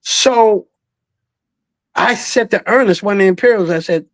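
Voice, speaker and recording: A man's voice: sits high, measured pace, no room sound. A man in his eighties, a veteran singer guest, telling stories in an interview, acting out voices and laughing often. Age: 80s. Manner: animated storyteller, acts out voices, laughs often. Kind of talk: storytelling interview.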